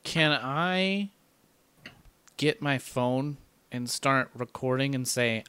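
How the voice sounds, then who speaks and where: A man playing at a tabletop game table talks casually and swears freely. His voice sits at a middle pitch. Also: slow pace, pushed and bright, smooth, dry recording. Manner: casual, profane. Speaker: player.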